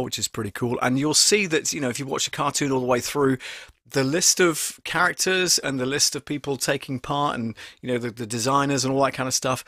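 A man hosts a casual voice-acting live stream from a home studio, talking in a rambling, chatty way with plenty of fillers. His voice sits at an ordinary pitch and sounds close and dry, with no room around it. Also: a bit bright, no echo. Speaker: voice actor hosting a live stream.

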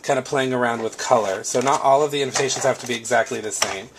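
A man's voice: medium pitch, fast talker, background noise. A man hosting a casual craft tutorial, explaining step by step while recovering from a cold. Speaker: craft video host.

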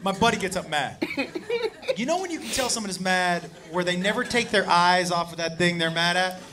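High-pitched profane stand-up comedian man. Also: fairly quick. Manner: animated, profane, acts out characters. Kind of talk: stand-up storytelling. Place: comedy club stage. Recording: noisy live club recording with loud crowd. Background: loud audience laughter.

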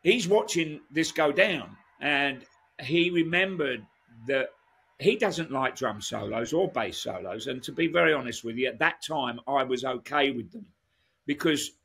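A man in his sixties tells long, winding stories as an interview guest, circling back with restarts and asides. His voice is gravelly and husky, with a bright, forceful edge. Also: mid-range voice, animated, measured pace. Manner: rambling, many restarts and asides. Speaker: guest musician. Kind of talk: casual storytelling interview.

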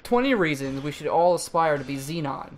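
A woman's voice: low voice, lively intonation, a little fast, slight background noise. A woman co-hosting a casual gaming show, reading aloud with sarcastic mock enthusiasm. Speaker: co-host.

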